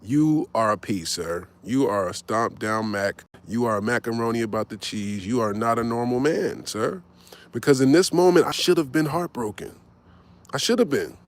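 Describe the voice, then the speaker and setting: A man in his forties telling a personal story in casual, profane talk, tagging his lines with "right?" and acting out both sides. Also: mid-range voice. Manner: animated, swearing, tags lines with "right?".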